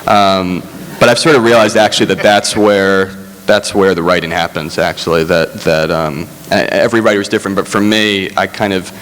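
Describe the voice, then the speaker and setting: Deep-voiced halting male screenwriter. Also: fairly even intonation, fairly bright tone, big-room sound. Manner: halting, self-deprecating, many fillers. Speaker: screenwriter panelist. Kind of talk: casual panel talk. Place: large hall on stage.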